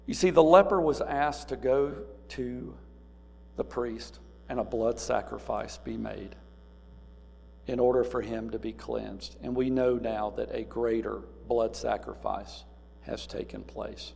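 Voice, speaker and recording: Gravelly male preacher in a reverberant hall. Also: mid-range voice, steady tone, unhurried. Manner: swings from quiet musing to loud emphatic cries. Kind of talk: sermon. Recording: reverberant hall with faint mains hum.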